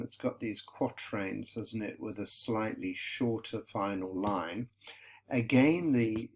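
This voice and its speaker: Male teacher, gravelly and fairly low, walks students through poems with frequent "okay?" check-ins. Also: a little hiss or hum, poor audio. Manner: explanatory, checks in with tag questions like "okay?" and "isn't it?". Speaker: English literature teacher. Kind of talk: recorded poetry lesson.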